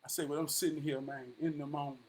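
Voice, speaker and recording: A man's voice: a little high, level tone, fast. A man rambling through a motivational monologue, drawling and calling the listener "man" again and again. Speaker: vlogger.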